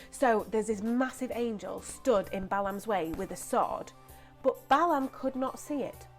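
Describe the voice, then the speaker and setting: A young woman presenting a lively children's church story, chatty and animated. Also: mid-range voice. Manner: animated, chatty, acts out voices.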